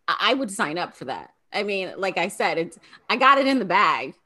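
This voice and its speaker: A woman in her thirties co-hosting a podcast in casual chat, animated and laughing often. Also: medium pitch, a little fast. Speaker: podcast co-host.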